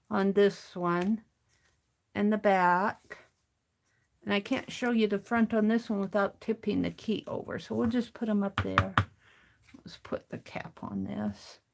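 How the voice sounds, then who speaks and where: Woman streamer, slightly high voice, unhurried crafting chatter, mutters while she works; faint noise in the recording. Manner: slow, muttering to herself while working, greets chat warmly. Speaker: craft livestream host. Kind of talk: casual crafting livestream chat. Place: home craft studio.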